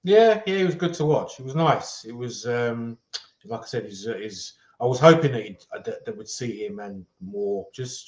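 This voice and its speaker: A man talking as a guest fan in casual football chat, halting and restarting often but upbeat. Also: fairly low pitch, reverberant. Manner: hesitant, many fillers and restarts, upbeat.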